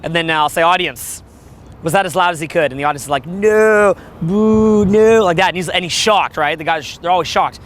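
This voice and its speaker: A middle-aged man with a worn, rough voice, giving a blunt, profane, animated coaching monologue about dating. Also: a little high, fast talker. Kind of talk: motivational monologue.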